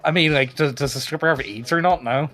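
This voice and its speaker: A man's voice: fairly high pitch, quick pace, fairly bright tone, soft background music. A man co-hosting a casual podcast, musing with lots of fillers and restarts. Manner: hesitant, filler-heavy musing. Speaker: podcast co-host.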